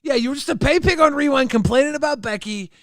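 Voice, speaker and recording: A man's voice: very high voice, fast talker, a bit bright, no echo, clean studio sound. A male host teasing a co-host with leading questions on a casual livestream panel.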